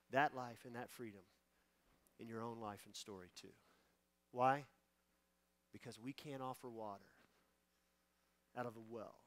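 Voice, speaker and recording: With a mid-range, slightly bright voice on a dry recording, a pastor in his forties preaches in a church sanctuary before closing in prayer. His delivery is fervent and emotional, with key phrases repeated for emphasis.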